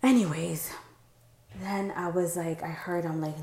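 A woman with a notably low voice tells a personal story, circling back through her sentences with plenty of "like" and "um." She checks in with a steady "right?" as she goes. Her voice bounces around a hard, echoey room. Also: unhurried. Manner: rambling, heavy use of "like" and "um", frequent "right?". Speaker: podcast host.

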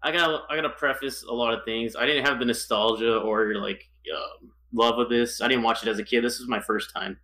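A man's voice: mid-range voice, fairly even intonation, a little fast, pushed and bright, a little hiss or hum, low-quality recording. A man in casual chat, ranting with exasperation about a film he disliked. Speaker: podcast co-host.

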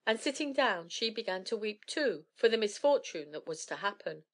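A woman narrating an old fairy tale in a steady, measured reading voice. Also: medium pitch. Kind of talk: storybook reading.

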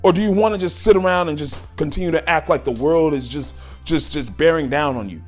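A man preaching a sermon on gratitude in an exhorting way, moving from low talk to loud shouts. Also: brisk, soft background music.

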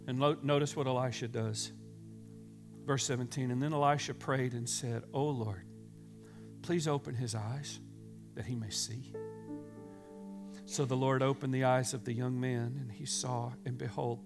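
A man preaching a sermon, retelling a story with dramatic swings from hushed, near-whispered lines to loud, fervent passages. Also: medium pitch, moderate pace, long pauses. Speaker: pastor. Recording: music playing underneath.

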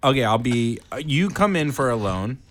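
A young man, a comedy co-host, improvising a deadpan, mock-formal sketch. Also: mid-range voice, brisk, background noise.

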